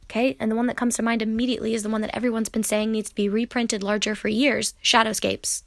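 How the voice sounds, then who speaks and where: A woman's voice: fairly high pitch, flat delivery, fast talker, no room sound, studio quality. A young woman in a ranting vlog, speaking straight to the camera in an exasperated, indignant way. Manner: exasperated, indignant, direct address. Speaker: tarot YouTuber.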